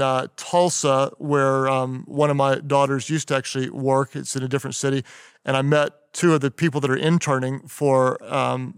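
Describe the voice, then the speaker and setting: A middle-aged man, a pastor, giving a leadership teaching talk with emphatic, punchy repetition, slowing down to stress key lines. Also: a little high, gravelly, fairly bright tone, smooth, no room sound, studio quality. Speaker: pastor and leadership podcast host.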